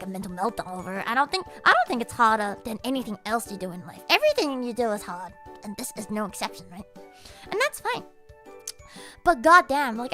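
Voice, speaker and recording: Woman streamer, casual chat, sarcastic, swears a lot, high bright voice. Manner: sarcastic, swears freely, laughs often.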